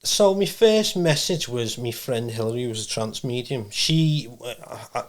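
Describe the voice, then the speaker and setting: A trance medium, a man with a mid-range voice speaking at normal speed, tells a rambling personal story as a guest in a casual interview. He's animated, acting out the quotes as he goes.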